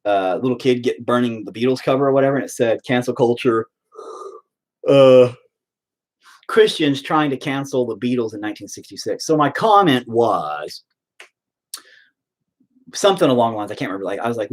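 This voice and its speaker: Husky, animated man ranting. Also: medium pitch, normal speed, pauses often. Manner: profane, sarcastic, rambling with many fillers. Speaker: online show host. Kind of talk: casual storytelling rant.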